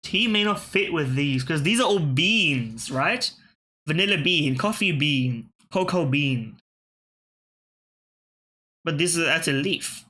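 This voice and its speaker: A man's voice: fairly high pitch, animated, slow pace, pauses often, bright, forceful tone. A man, thinking aloud and swearing casually as he gives let's-play commentary on word puzzles. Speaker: gaming channel host.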